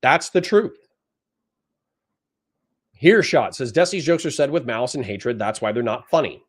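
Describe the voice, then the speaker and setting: A man's voice: mid-range voice, expressive, normal speed, breathy edge. Blunt profane man ranting at chat. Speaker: streamer reading chat. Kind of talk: livestream political rant.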